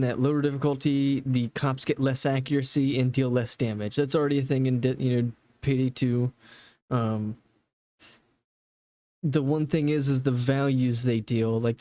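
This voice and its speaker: Dude reacting to game dev stuff, loose rambly talk, mid voice, dead dry sound. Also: male voice, medium pitch, dark tone, no room sound. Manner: rambling, loose, swears casually. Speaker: gaming reaction host. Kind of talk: casual reaction commentary.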